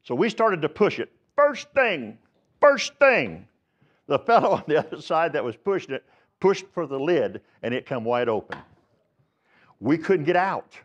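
A male pastor delivers a sermon in a voice a little higher than most men's. He tells homespun stories and then presses his point with rising insistence. The church recording sounds somewhat dull and lo-fi. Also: lively intonation, moderate pace. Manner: folksy storytelling preaching, building to emphatic exhortation. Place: church sanctuary.

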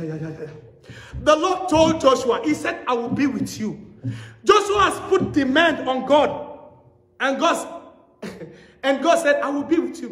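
Pastor, male, high-pitched storytelling sermon, echoey hall sound. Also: fairly bright tone. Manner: storytelling preacher, repeats phrases for emphasis.

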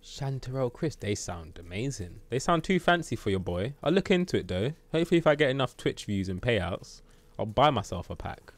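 Lively British man streaming a game. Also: medium pitch, fairly quick. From Britain. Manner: playful, banters with chat, jokes and mutters at the game. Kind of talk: live gameplay commentary chatting with viewers.

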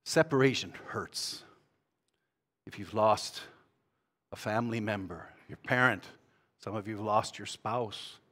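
A man, a guest pastor, preaching a sermon that swings between loud bursts and hushed, tender passages. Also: fairly low pitch, unhurried, pauses often.

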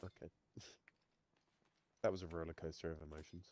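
A man's voice: sits low, little pitch movement, a little fast, darkish tone, dry recording. A man playing a game with a streamer friend, chatting casually with dry, teasing humour. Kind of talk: casual gaming chat.

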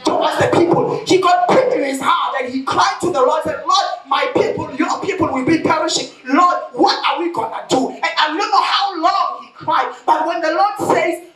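A woman pastor preaching a fervent sermon, often shouting and calling for responses from the congregation. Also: high-pitched, normal speed, hardly any pauses, soft background music. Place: church service. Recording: echoey church hall, mic at a distance.

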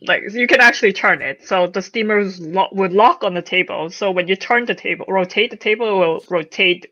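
A woman's voice: medium pitch, brisk, bright, forceful tone. A woman game designer explaining how game pieces work, with hesitant restarts. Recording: slightly dull lo-fi mic.

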